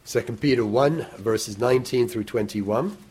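A man preaches with a slightly husky voice at a middling pitch. He talks in a measured way, slowing down to dwell on key words. His voice lifts when he reads a verse aloud. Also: darkish tone. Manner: measured, slows to stress scripture, rises when quoting. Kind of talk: sermon.

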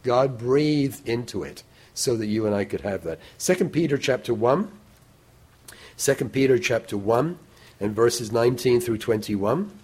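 A man preaching a sermon in a measured way, slowing down to stress scripture and lifting his voice when he quotes it. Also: mid-range voice, expressive, a little mellow, slightly rough.

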